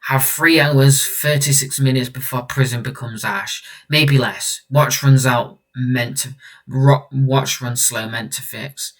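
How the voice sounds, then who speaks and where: A man's voice: mid-range voice, fairly even intonation, slow, a bit bright, distant mic. A man reading out a terse masked male vigilante who talks in clipped, broken sentences with dropped words. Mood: flat.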